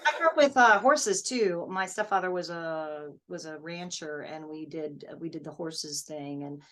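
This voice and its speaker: A woman's voice: deep voice, measured pace. A woman, chatting as a voice-actress guest in an interview. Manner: chatty, animated storyteller. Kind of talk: casual interview chat.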